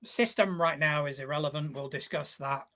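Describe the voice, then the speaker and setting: A mid-pitched co-host guides a relaxed podcast conversation about tabletop games, setting up topics and asking the others questions. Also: normal speed. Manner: steers the talk with questions. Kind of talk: casual chat.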